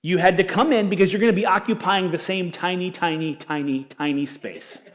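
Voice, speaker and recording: Animated pastor in a reverberant hall. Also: male voice, sits high, fairly quick. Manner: animated, conversational storytelling. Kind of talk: sermon. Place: church auditorium.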